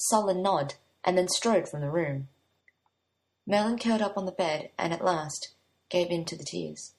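A woman reads a fantasy tale aloud in an even, unhurried storytelling voice. Her pitch sits a little low for a woman. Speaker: narrator. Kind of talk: audiobook-style story reading.

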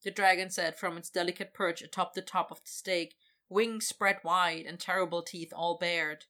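Female storyteller, bright tone, expressive read-aloud delivery. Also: lowish voice, moderate pace. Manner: expressive, voices characters. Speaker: narrator. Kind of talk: reading a fantasy story aloud.

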